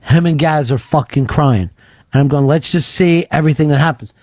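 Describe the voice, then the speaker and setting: A man hosting a talk radio show, telling a story in casual, profane, excitable chat. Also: fairly high pitch, fairly quick, no echo. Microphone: studio mic.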